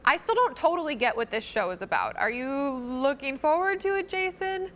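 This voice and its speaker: A woman's voice: high voice, animated, normal speed, slight background noise. A woman cohosting a live TV talk show, chatty and upbeat as she presents entertainment news.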